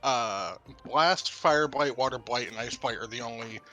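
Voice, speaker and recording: A man with a bright, sharp voice chatting casually during a game with friends. He explains the game's details in a knowledgeable way, with faint game music behind him. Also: medium pitch, unhurried. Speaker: co-player. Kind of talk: casual gaming chat.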